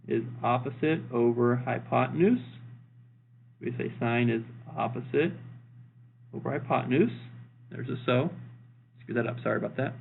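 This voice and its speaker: A man's voice: mid-range voice, creaky. A man teaching a recorded math lesson in an upbeat, jokey way, repeating the key points. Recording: tinny phone-like lo-fi sound.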